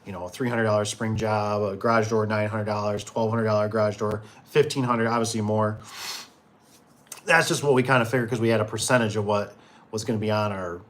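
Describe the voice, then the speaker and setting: A man with a lowish, steady, slightly bright voice talks briskly. He runs a garage door business and tells work stories in a casual, rambling way, full of fillers and restarts, acting out the quotes.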